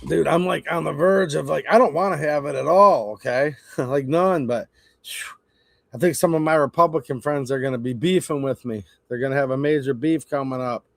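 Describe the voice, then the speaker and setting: A man's voice: fairly high pitch, moderate pace, vocal fry, dry recording. Blunt, opinionated live-stream host, a man. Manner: blunt, opinionated, talks straight to chat. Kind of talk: casual live-stream commentary.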